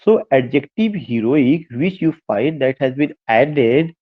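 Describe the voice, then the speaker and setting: A man's voice: mid-range voice, expressive, measured pace, phone-quality sound. A male literature teacher with an Indian English accent lecturing an online class, repeating points, asking rhetorical questions and mixing English with Hindi. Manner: switches between English and Hindi.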